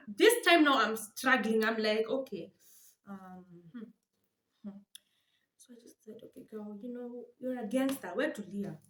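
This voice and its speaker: A young Kenyan woman telling a dramatic, animated storytime for her vlog, switching languages with laughing asides. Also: fairly high pitch, echoey room, a little hiss or hum. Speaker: vlogger.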